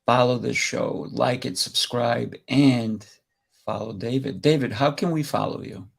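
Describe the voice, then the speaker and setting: A man's voice: medium pitch, unhurried, vocal fry. A man hosting an interview, talking in an enthusiastic, effusive way. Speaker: host. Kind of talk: interview wrap-up chat.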